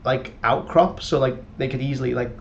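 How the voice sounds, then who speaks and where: A man's voice: medium pitch, fairly quick, gravelly. A man co-hosting a podcast, chatting casually and rambling with lots of fillers and restarts. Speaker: podcast co-host and episode writer. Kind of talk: casual chat. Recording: muffled lo-fi audio, faint background noise.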